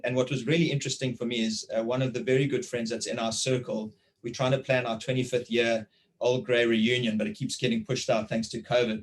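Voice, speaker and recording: A South African man in his forties interviewing over a video call, telling anecdotes in a lively way and often repeating words. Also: mid-range voice, low-quality recording. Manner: animated storytelling, repeats words. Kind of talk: conversational interview.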